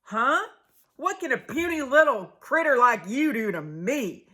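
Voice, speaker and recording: A woman voicing a huge, mean, hungry old male snapping turtle in a storybook reading, with a gruff, menacing drawl. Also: high voice, big pitch swings, a little slow, bright, forceful tone, heavily acted.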